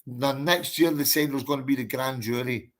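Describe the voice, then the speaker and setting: A man's voice: medium pitch, moderate pace, a bit bright. Blunt, swearing man. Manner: blunt, swearing, emphatic, calls listener mate and bro. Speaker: boxer telling his story as guest. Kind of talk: casual storytelling interview.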